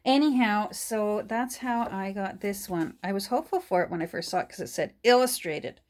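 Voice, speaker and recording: Over slight background noise, a middle-aged woman shows her book haul to her phone in casual chat while working, restarting sentences and lowering to a whisper as she shows pages. She speaks in a mid-range voice at a moderate pace with few pauses.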